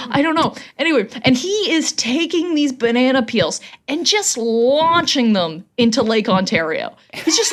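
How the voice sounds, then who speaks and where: Female podcast co-host, casual storyteller, slightly high pitch, comic repetition. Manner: animated, repeats phrases for comic effect.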